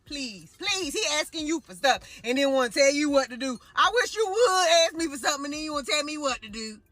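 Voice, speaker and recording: A woman, a mother, ranting loudly and scolding in a clip, laughing between lines. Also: high voice, expressive, fast, no room sound, faint music behind.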